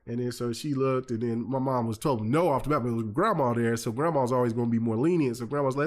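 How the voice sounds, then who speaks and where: A man hosting a gaming podcast, telling stories in a lively, rambling way full of fillers and restarts. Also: medium pitch, quick pace, hardly any pauses. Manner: animated storyteller, many fillers and restarts. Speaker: podcast host. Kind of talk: casual chat.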